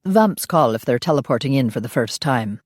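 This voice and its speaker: A woman reads as a charming, centuries-old vampire man, pitched below her own deep voice. He sounds calm and reassuring in this dry, close audiobook reading. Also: moderate pace, no room sound. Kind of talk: audiobook character voice.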